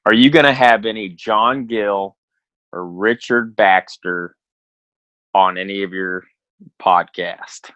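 A man co-hosting a podcast in casual chat, asking laid-back, drawn-out questions. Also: on the low side, a bit bright, dry recording, dull audio. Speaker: podcast co-host.

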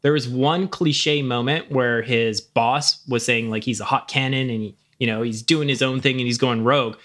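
A man's voice: medium pitch, steady tone, normal speed, a bit bright. A man co-hosting a casual movie review chat, laid-back and rambling. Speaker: podcast co-host.

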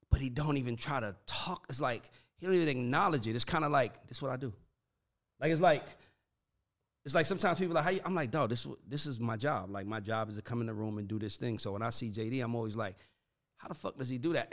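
A man in casual conversation, animated and profane, breaking into laughs as he talks. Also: medium pitch.

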